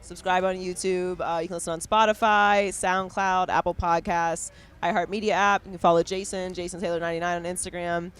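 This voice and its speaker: A woman's voice: fairly low pitch, fairly quick, smooth. Chatty woman hosting a podcast. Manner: chatty, relaxed, uses lots of fillers. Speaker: podcast host. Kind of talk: casual interview chat.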